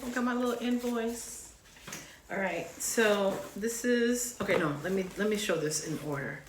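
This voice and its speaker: A woman massage therapist hosting her own channel, gushing with excitement through a casual unboxing vlog full of slang. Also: mid-range voice, normal speed, echoey room, background noise.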